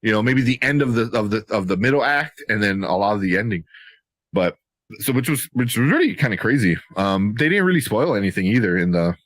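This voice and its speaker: A man co-hosting a movie talk show, swinging his pitch widely as he riffs and laughs. He often slips into playful mock voices for characters. His voice sounds dry and close to the mic. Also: animated, fairly quick, fairly bright tone, no echo. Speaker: podcast co-host. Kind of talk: casual movie review chat.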